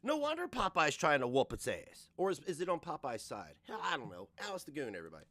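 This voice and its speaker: Lively bright-voiced man ranting. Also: mid-range voice, fast talker. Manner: profane, laughs often, animated. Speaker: host. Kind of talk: ranting reaction commentary.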